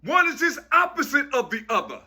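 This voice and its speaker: A high-pitched man holds forth in a loose, rambling monologue, circling back with "you see" again and again. He swears freely and pushes his voice up hard when he wants to stress a point. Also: big pitch swings, fairly quick, sharp tone. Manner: repetitive, keeps saying "you see", profane; emphatic, raises voice at points. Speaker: vlogger.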